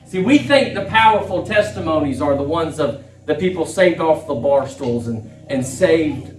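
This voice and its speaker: A man's voice: fairly high pitch, expressive, normal speed. A middle-aged man, preaching a fervent sermon as a pastor and repeating phrases for emphasis. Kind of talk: impassioned sermon. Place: church sanctuary. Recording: echoey church room, distant mic, faint music.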